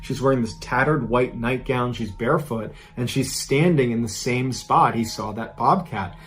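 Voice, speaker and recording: A man narrating a true scary story as a podcast storyteller, building suspense with sudden loud emphasis. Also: mid-range voice, moderate pace.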